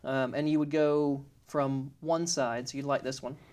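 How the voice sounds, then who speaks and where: A man's voice: mid-range voice, steady tone, moderate pace, a little mellow. A man in casual conversation, explaining his family's customs with frequent ums and restarts. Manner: hesitant, many ums and restarts.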